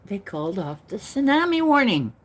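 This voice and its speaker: A woman's voice: mid-range voice, sing-song, moderate pace. A woman giving an earnest, rambling spiritual talk, telling a story with many restarts. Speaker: spiritual channel host.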